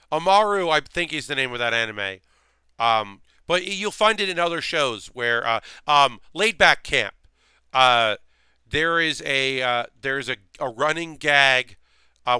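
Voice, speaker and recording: A man's voice: medium pitch, pushed and bright, smooth, no room sound. A man chatting casually on a live stream while building a model kit, rambling with many fillers and restarts.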